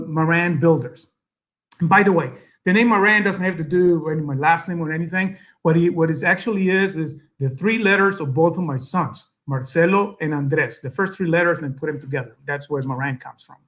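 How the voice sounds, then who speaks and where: High-voiced man telling his story. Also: a bit bright. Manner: halting, with many restarts and fillers. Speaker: guest speaker, business founder. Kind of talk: personal story speech.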